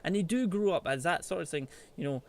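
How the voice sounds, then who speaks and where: A man's voice: on the high side, lively intonation, brisk, darkish tone, slight background noise. A man giving chatty, playful let's play commentary, teasing the animals in the game as he plays. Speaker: gaming channel host.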